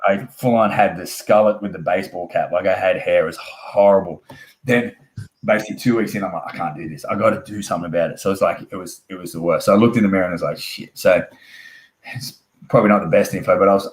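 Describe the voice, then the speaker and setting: A man's voice: sits low, fairly even intonation, fast talker, reverberant. Australian man telling a rambling story. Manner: rambling anecdotal storytelling with swearing and acted-out dialogue. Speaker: guest, professional wrestler. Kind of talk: casual storytelling interview.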